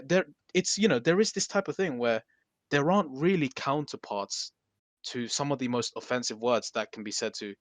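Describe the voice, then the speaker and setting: A man hosting a casual podcast discussion, talking in halting restarts as he thinks his view through. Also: medium pitch, fairly bright tone, no room sound. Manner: hesitant, many restarts, thinking aloud.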